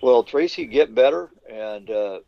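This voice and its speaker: Brief: male host, gravelly voice, folksy and easygoing, lo-fi dull sound. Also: medium pitch, measured pace, no room sound. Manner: folksy, relaxed, draws out fillers. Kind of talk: podcast panel hosting. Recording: dull lo-fi call audio.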